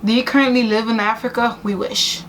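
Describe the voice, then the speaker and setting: A woman's voice: on the high side, steady tone, fairly quick, a bit bright, slight background noise, low-quality recording. Young woman teasing in casual chat. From New York City. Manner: teasing, laughs often. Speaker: host.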